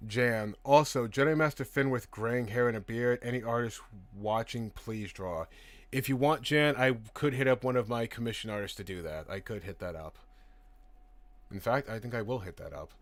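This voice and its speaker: A man in the middle of a casual live stream, working through chat questions one by one. He talks in a loose, profane, chatty way and laughs easily. His voice sits at an ordinary middle pitch and comes across dry and close, with no room echo. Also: normal speed. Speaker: host answering chat questions.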